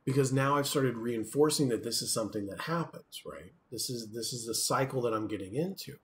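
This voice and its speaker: A man lecturing to a class in an easygoing, conversational way. His voice sits at a middle pitch, and he keeps checking in with his listeners. He slips into little acted-out voices to illustrate his points. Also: animated, a little fast, a little hiss or hum. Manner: conversational, frequent "right?" checks, acts out quoted voices. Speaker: professor. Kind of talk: recorded university lecture.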